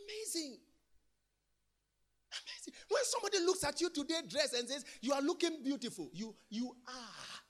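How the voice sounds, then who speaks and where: A man preaching a sermon, emphatic and repetitive, swinging between loud declarations and quiet, intimate lines. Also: very high voice, sing-song, brisk, few pauses. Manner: emphatic, repeats phrases, swings from loud to soft.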